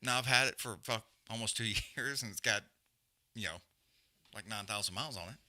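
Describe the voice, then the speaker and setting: A man's voice: lowish voice, fairly quick, pushed and bright. A man hosting a live show, ranting bluntly with constant swearing and emphatic repetition. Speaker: podcast host. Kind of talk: profane rant on a live stream.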